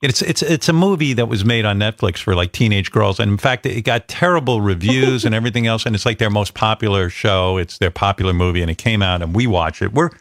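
A man's voice: lowish voice, brisk, few pauses, no room sound, studio quality. A man hosting a radio show, chatting and joking bluntly with his co-hosts and callers. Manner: blunt, joking, loose with swearing. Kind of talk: casual radio banter.

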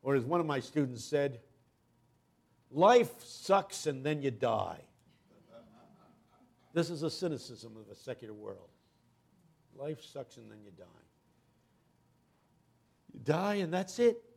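Gravelly older preacher, storytelling. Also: male voice, medium pitch, expressive, moderate pace, long pauses. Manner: storytelling preacher who builds to loud impassioned crescendos. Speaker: guest preacher. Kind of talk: sermon.

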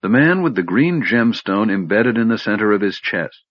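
A man's voice: fairly low pitch, very animated, normal speed, no room sound, voice pushed up. A man voicing a nervous, cornered male soldier who hesitates and stammers. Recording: dull lo-fi recording.

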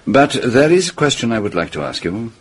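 An actor playing a fussy, courteous foreign detective who speaks in a measured, formal way with a French accent. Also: male voice, mid-range voice, sing-song, husky. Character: fussy foreign male detective, polite and precise. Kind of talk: radio drama acting.

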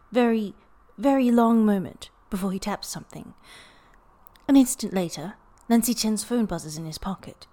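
A woman's voice: mid-range voice, warm tone. Woman reading a story aloud. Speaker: podfic reader. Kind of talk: scripted narration.

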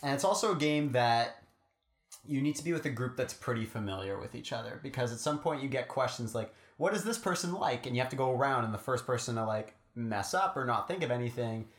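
A man's voice: medium pitch, fast talker. A young man co-hosting a podcast, chatting in a laid-back way with dry humor and plenty of fillers. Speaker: podcast co-host. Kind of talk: casual chat. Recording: roomy echo.

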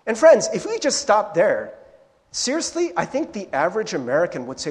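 A man preaching a sermon as pastor, conversational and animated, with casual fillers that build into emphatic, insistent points. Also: sits high, fairly quick. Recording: long hall reverb.

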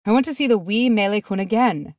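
A woman's voice: mid-range voice, lively intonation, brisk, a little mellow, no echo, studio quality, voice pushed up, close to an everyday voice. A woman reading aloud and voicing a cheerful, eager male dwarf.

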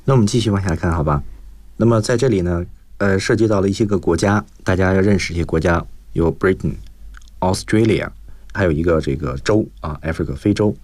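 Low-voiced man teaching English on radio. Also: a little fast, darkish tone, no echo. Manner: explaining, stressing points with "啊". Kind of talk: bilingual radio English lesson.

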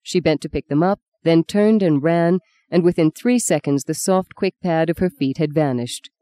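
In a dry recording, a low-pitched female audiobook narrator reads scripted passages from a novel. Her storytelling stays measured and even.

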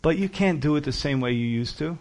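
Animated New preacher man. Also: fairly high pitch, brisk. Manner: animated storytelling with acted-out voices and big swings in loudness. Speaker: pastor. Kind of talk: sermon.

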